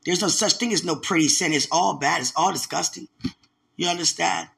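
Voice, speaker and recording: A woman's voice: fairly low pitch, fairly quick, creaky, fairly bright tone. A woman giving a casual spoken testimony as a church member, telling stories animatedly and turning to the listener with preachy asides.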